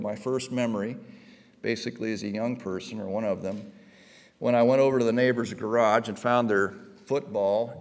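A male pastor preaching a sermon. He moves from quiet storytelling to loud, emphatic preaching. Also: on the low side, in a large hall.

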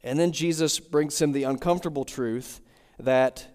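A man's voice: a little high, moderate pace, a little mellow, clean tone. A man preaching an expository sermon, walking through a text verse by verse and circling back with repeated phrases. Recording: long hall reverb.

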